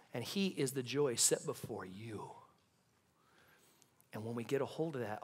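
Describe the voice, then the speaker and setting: A pastor preaching a sermon in a church, building to impassioned peaks and dropping to hushed, quiet lines. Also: male voice, medium pitch, slightly rough. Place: church sanctuary.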